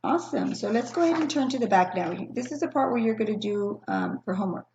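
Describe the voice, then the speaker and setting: A woman teaching a recorded phonics lesson to young children, speaking patiently and slowly, spelling out sounds and pausing for answers. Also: on the high side, big pitch swings, a little mellow, lo-fi sound, slight background noise. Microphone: screen-recording computer mic.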